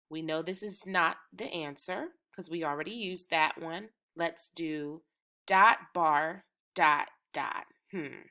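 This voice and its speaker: A woman teaching preschoolers in a slow, sing-song way, chanting patterns and cheering them on. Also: on the low side, bright, forceful tone. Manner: encouraging, drawn-out, rhythmic chanting. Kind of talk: slow, sing-song lesson for small children.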